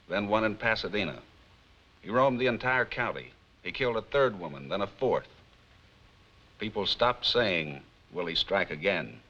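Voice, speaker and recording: A man playing a lawman who narrates a 1950s TV crime drama in a grave, measured way, slowing down for emphasis. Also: deep voice, sharp tone, exaggerated voice. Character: stern middle-aged male lawman narrator. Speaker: show's narrator presenting as a sheriff's official. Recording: dull lo-fi 1950s TV soundtrack.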